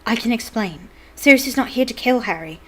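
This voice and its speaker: An earnest male wizard teacher, as a woman reads him aloud. He speaks softly but with urgency, steady and pleading. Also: fairly high pitch, brisk, pitched above the performer's own voice. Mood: urgent. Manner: urgent yet soft.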